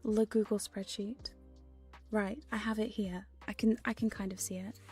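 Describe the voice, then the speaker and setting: Soft music plays behind this woman VTuber as she whispers in an ASMR stream, teasing, joking and casually cursing close to a binaural dummy-head microphone. She speaks fairly quickly at a medium pitch, with fairly even intonation and a slightly mellow quality.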